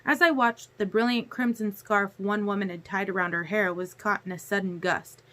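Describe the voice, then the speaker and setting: A woman's voice: mid-range voice, fairly even intonation, normal speed, a bit bright. Woman reading a novel aloud. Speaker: audiobook reader. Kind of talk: audiobook narration.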